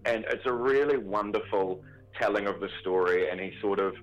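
Casting: lower-voiced male radio guest, animated, filler-heavy, lively storyteller. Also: normal speed, muffled recording. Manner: animated, chatty with many fillers. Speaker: theatre performer. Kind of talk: interview guest.

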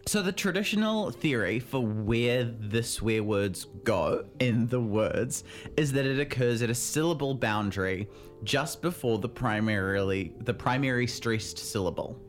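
A man's voice: mid-range voice, lively intonation, unhurried, soft background music. A man talking as an expert guest on a radio chat show, explaining eagerly with chuckles and fillers. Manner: enthusiastic, chuckles while explaining, many fillers.

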